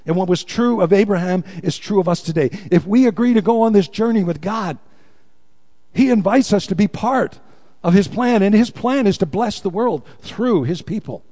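A male pastor with a somewhat high-pitched voice delivers a sermon to his congregation. He tells stories and asks them questions, drawing them into call-and-response. His voice carries a long, echoing reverb from the church hall. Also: lively intonation, normal speed, mellow.

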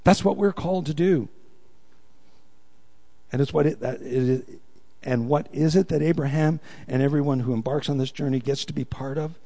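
A man's voice: a little high, normal speed, creaky, dark tone, long reverb tail. A man preaching a sermon, telling stories and asking his congregation questions, drawing them into call-and-response. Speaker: pastor.

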